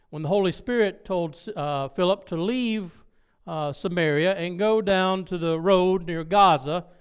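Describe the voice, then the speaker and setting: A man's voice: high-pitched, clear, resonant tone. A man preaching, retelling a scripture story with voiced dialogue and chuckling asides. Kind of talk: sermon storytelling.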